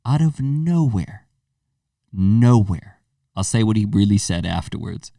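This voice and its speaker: A man's voice: lowish voice, unhurried, vocal fry, no room sound, studio quality, far from the mic. A young man co-hosting a podcast, telling a story casually, swearing and acting out what people said. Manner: animated, swearing, acts out quoted lines. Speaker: podcast co-host.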